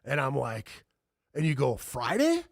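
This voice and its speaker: A male podcast host with a slightly higher voice who chats loosely, swears freely and fills his sentences with "uh" and "you know". The sound is dry and close to the mic. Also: moderate pace, no room sound. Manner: loose, swearing, rambling with many fillers. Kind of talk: casual chat.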